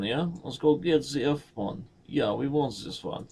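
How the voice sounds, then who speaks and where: A man's voice: medium pitch, lively intonation, a little slow, darkish tone, slightly rough. A man in his thirties giving casual, joking live-stream commentary as he plays, thinking aloud and mocking his own moves. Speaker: chess streamer.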